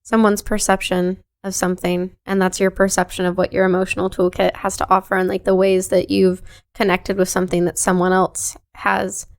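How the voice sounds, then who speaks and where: A woman's voice: medium pitch, completely flat delivery, fairly quick, gravelly. A young woman guest on a podcast, talking in an earnest, reflective way with many "like"s. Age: young adult. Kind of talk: casual podcast conversation.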